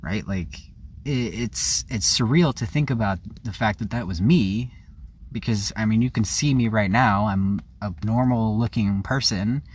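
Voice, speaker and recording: A man's voice: on the low side, a little slow, slight background noise. A man vlogging a candid personal story, rambling and confessional, often circling back and correcting himself. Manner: rambling, frank and confessional, with self-corrections and frequent "like".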